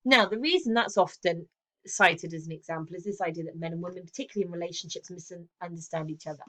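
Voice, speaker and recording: A woman teaching high school English in a recorded revision lesson, explaining step by step and checking in with frequent "okay" and "um". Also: fast, a bit bright.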